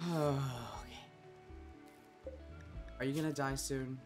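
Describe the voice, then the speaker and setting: A man's voice: medium pitch, steady tone, slow pace. Man, game streamer, casual commentary, exasperated, faint music behind. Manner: chatty, exasperated, swears then apologizes.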